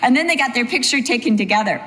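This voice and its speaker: A woman teaching Bible study in an earnest voice. She slows down to stress points and slips into chatty asides. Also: on the high side, expressive, a bit bright, some chatter behind.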